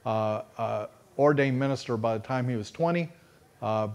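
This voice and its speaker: A man's voice: medium pitch, moderate pace. A man preaching a storytelling sermon in a folksy, earnest way, with frequent restarts.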